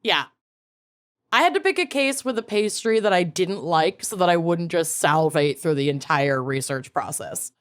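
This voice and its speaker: A woman co-hosting a podcast in casual chat, playful with quick reactions. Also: on the low side, animated. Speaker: podcast co-host.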